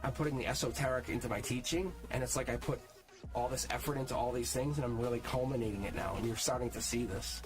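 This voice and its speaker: A man's voice: medium pitch, fast. A man hosting a live tarot reading stream, talking casually and upbeat to viewers in the chat and laughing often. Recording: music playing underneath. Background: music playing.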